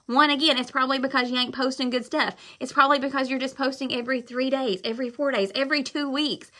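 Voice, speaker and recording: A woman giving a live-stream pep talk to her sales team, loud, emphatic and blunt but apologetic, rambling as she goes. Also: high voice, steady tone, a little fast, few pauses. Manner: loud and fired up, talks emphatically. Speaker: direct-sales consultant.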